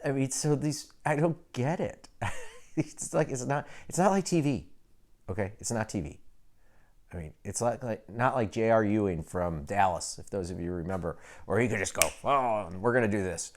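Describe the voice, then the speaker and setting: Male physician, lower-pitched, animated and frustrated, casual update delivery. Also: moderate pace. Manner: frustrated, animated, chuckles often. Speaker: physician giving video updates. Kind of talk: casual direct-to-camera update.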